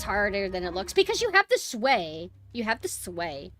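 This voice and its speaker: Young female streamer, high bright voice, frustrated and shouting, faint music underneath. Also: big pitch swings, moderate pace, few pauses. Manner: frustrated, swearing, yelling at the game. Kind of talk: live gameplay streaming.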